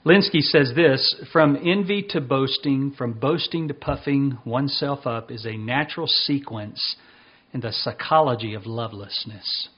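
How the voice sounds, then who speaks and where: A man preaching a sermon as pastor, reading passages and slowing down to stress his points. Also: mid-range voice, slightly rough, muffled recording.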